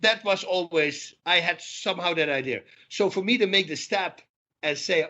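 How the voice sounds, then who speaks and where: A middle-aged man, a podcast guest, telling stories in an animated way and acting out the dialogue. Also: sits high, moderate pace, highs cut off. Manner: animated storyteller who acts out dialogue. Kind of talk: storytelling interview talk.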